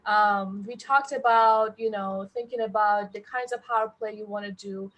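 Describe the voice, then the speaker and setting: A woman co-hosting a webinar, explaining in a measured, guiding way with some fillers. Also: mid-range voice, steady tone, fairly bright tone, highs cut off. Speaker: webinar co-host.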